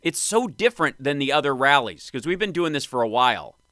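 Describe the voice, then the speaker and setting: A man hosting a live stream, reacting to clips with wry, excitable commentary. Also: medium pitch, brisk, dry recording, studio quality. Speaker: host.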